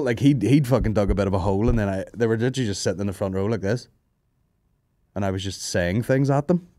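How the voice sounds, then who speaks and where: A man's voice: fairly low pitch, warm tone, no room sound, studio quality. A man hosting a comedy podcast, telling rambling, sweary stories, laughing and mimicking people. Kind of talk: casual storytelling chat.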